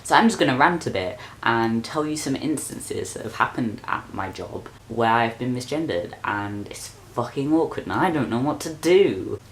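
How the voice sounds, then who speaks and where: A man's voice: medium pitch, slight background noise. A young man, talking straight to camera in an exasperated, sweary rant for his vlog. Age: young adult. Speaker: vlogger.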